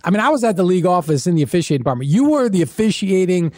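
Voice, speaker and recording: A man's voice: high voice, very animated, rapid-fire, a little mellow, no room sound, clean studio sound. A man hosting an interview, recapping the guest's story and prompting him with questions. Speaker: interview host. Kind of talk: casual interview.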